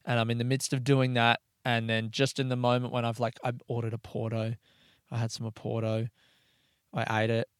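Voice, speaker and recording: Young male comedian, casual storyteller, smooth tone, dry close sound. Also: medium pitch, completely flat delivery, moderate pace, no echo. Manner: rambling, swearing, wry. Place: parked hire car by a road.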